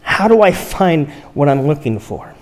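A man with a somewhat high voice delivers a sermon as a relaxed storyteller. He keeps it conversational, asks his listeners questions and slows down to let key lines land. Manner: storytelling, conversational, with rhetorical questions and slow pauses for emphasis. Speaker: pastor.

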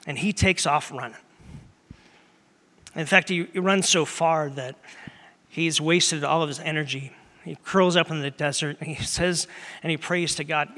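Bright-voiced man preaching in a reverberant hall. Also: fairly high pitch, measured pace, pauses often. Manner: conversational and earnest, shifting between loud and hushed. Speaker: pastor. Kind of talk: sermon.

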